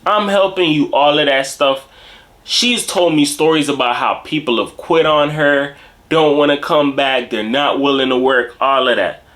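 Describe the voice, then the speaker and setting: A man from Jamaica telling a casual story in slangy, animated, streetwise talk. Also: a little high, normal speed. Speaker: host.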